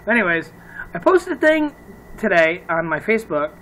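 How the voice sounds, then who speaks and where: A man's voice: high voice, sing-song, moderate pace, fairly bright tone, a little hiss or hum, rough recording. A man from upstate New York ranting on his own vlog, swearing freely and laughing at his own jokes. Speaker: vlogger.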